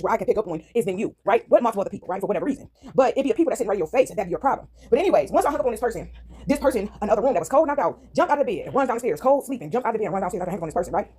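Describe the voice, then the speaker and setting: A woman ranting casually to her viewers from home into a phone, animated and rambling, tagging on "right?" and "y'all" constantly. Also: on the high side, husky. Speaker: vlogger. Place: at home, indoors.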